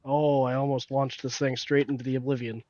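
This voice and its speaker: A man's voice: mid-range voice, flat delivery, fairly quick, a little mellow, dry recording. A man from Illinois teasing and joking through a casual gaming chat, on a dull lo-fi mic. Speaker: co-host gamer.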